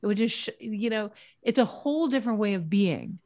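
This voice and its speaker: Animated chatty woman guest. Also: medium pitch, a little fast. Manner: animated, chatty, playful with vivid analogies. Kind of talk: casual conversational interview.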